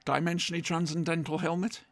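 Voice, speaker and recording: A fast-talking man with a fairly high voice and little pitch movement co-hosts a casual watch-along commentary from a dry-sounding home room. The clean studio sound has no echo, and as a podcast co-host he comes across as chatty and wry, with fond asides.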